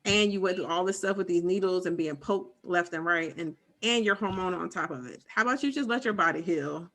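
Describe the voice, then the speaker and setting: Woman, 30s, podcast co-host. Bright, animated storyteller who acts out the quotes. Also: lowish voice, brisk. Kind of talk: casual chat, personal story.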